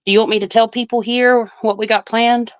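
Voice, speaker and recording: A woman's voice: on the high side, steady tone, fairly quick, smooth, no echo, lo-fi sound. A woman hosting an astrology livestream, chatting casually and thinking aloud while she answers viewer comments.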